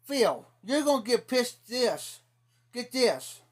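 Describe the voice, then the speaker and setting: Very high-voiced and very animated, a man with an Ohio accent drawls slowly through a rambling, indignant story on a casual livestream, repeatedly saying "I said."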